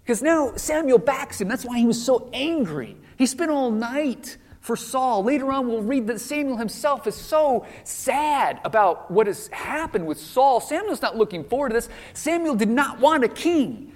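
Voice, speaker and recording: A man preaching a sermon, telling the story with animated acted-out quotes. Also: sits high, a little slow. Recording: long hall reverb.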